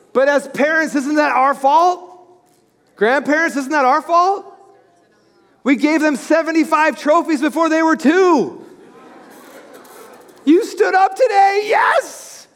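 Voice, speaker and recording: A man preaching a sermon as pastor, animated, swinging from loud to hushed. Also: extremely high pitch. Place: church sanctuary. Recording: echoey hall with music.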